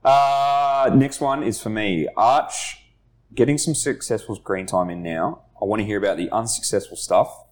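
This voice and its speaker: A man's voice: on the low side, normal speed. A man telling stories in casual podcast chat, laughing at himself and swearing casually. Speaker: podcast co-host. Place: studio.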